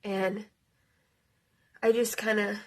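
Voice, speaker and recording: A woman's voice: medium pitch, little pitch movement, slow pace. A woman in her thirties telling a personal story in a casual, rambling way, full of fillers and the odd swear word, emotional at times. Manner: emotional, near tears. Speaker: vlogger.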